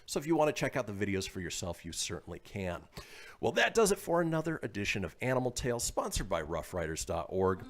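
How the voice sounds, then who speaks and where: A man's voice: on the low side, quick pace. A man from northern Nevada hosting a radio show, chatting casually and reading news stories with frequent laughs. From northern Nevada, USA. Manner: animated, laughs often, reads stories aloud.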